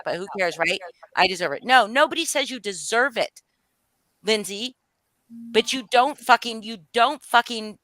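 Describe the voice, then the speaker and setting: This livestream guest is a woman caught up in an emotional confrontation, cursing frequently as her voice climbs and drops in anger. Her medium-pitched voice sounds bright and forceful, and the recording is dry.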